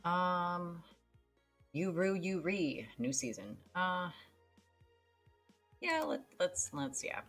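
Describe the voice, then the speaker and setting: A woman's voice: lowish voice, animated, very slow, long pauses, fairly bright tone, soft background music. A woman streamer giving casual, offhand commentary while playing a game.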